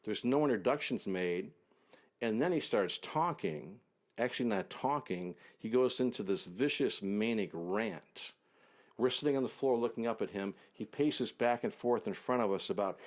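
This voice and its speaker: A low-pitched man from the United States recounts a travel story as an interview guest. He builds tension with short, punchy sentences and vivid detail. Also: normal speed. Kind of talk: anecdotal storytelling.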